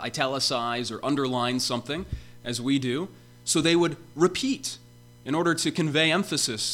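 A man preaching a sermon, who lifts his voice for emphasis on repeated calls and then drops it low and slow. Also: sharp tone.

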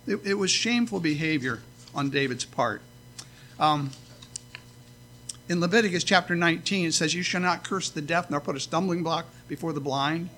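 A man delivering a sermon in an earnest, conversational way, with a high and bright voice. He reads scripture aloud and lifts his voice to stress key lines. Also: a little hiss or hum. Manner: earnest, rising to emphatic scripture readings. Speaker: preacher.

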